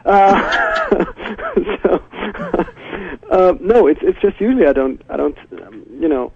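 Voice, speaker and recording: A German-accented man speaks over a thin, tinny phone line. His voice sits high and moves a lot in pitch. He chats loosely, laughs often and pokes fun at himself. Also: expressive, a little slow, gravelly, husky, no echo. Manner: laughing, self-mocking, chatty. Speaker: musician guest. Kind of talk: phone interview.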